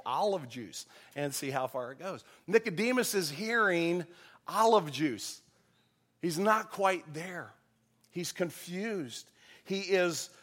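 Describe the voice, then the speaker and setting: Male pastor, slightly higher voice, easygoing sermon delivery that turns emphatic. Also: a bit bright. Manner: conversational preaching with anecdotes, rising to emphatic passages.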